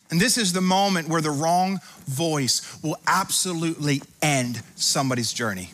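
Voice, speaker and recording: A man's voice: fairly high pitch, moderate pace, few pauses, a bit bright. A man in his thirties preaching a sermon in church, building to impassioned repetition with humorous asides to the congregation. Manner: preaching with rising intensity and repetition. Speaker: pastor. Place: church sanctuary.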